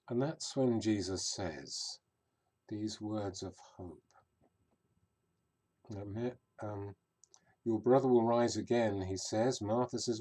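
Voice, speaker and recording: A man giving a reflective sermon as a vicar, with pauses and occasional fillers. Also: lowish voice, dark tone.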